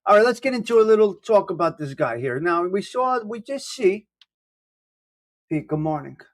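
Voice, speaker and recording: A man's voice: fairly high pitch, darkish tone. A man hosting a casual live-stream coffee chat, rambling and self-deprecating as he greets viewers by name. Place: indoors at home.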